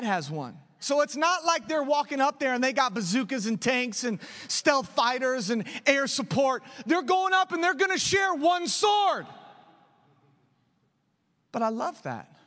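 Animated preacher man in a big hall. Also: very high voice. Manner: animated, shouting at peaks, acting out the story. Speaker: pastor. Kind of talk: sermon.

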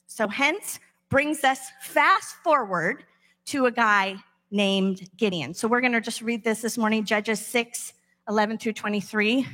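A woman's voice: fairly high pitch, moderate pace, fairly bright tone. A woman preaching a sermon in a casual, conversational way, retelling bible stories with acted voices. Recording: long echo of a large hall.

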